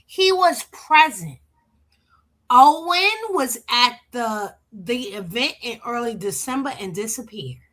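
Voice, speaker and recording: A woman co-hosting a casual recap chat, laying out a deliberate theory. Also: a little high, animated, fairly bright tone. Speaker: podcast co-host.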